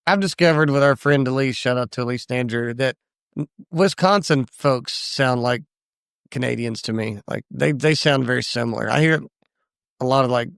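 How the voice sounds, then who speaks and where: A man with a gravelly, fry-laden voice chats and tells stories on a podcast, mock-offended when teased. The sound is dry and close. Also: mid-range voice, no room sound. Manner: chatty, quick to take offense in jest. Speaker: podcast co-host. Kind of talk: casual chat, storytelling.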